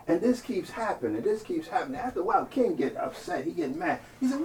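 A male preacher telling a story in a sermon, animated and playful, calling out to the congregation and building to loud peaks. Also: high voice, quick pace, creaky, few pauses. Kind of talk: storytelling sermon with call-and-response. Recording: distant mic, faint ambient noise.

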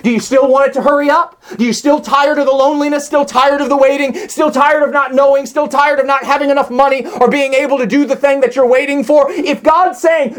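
A preacher delivering a sermon, building through strings of rhetorical questions and slowing down hard on key phrases. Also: sits high, fairly even intonation. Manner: swings between soft hushed lines and raised emphatic ones; slows down sharply on key phrases.

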